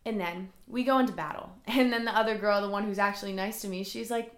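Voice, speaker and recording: A woman's voice: mid-range voice, brisk, few pauses, echoey room. A young woman hosting a solo podcast, talking earnestly and emotionally in a casual way, with many "like"s. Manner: earnest and emotional, says "like" often. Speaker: podcast host.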